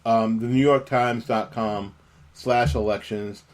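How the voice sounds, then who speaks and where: A man hosting casual live commentary, talking haltingly with many ums and restarts. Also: on the low side, steady tone.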